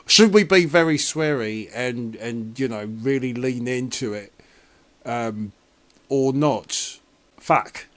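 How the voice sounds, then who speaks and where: Slow-talking sarcastic man reacting to a trailer. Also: medium pitch. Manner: sarcastic, rambling, exasperated. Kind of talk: casual reaction commentary.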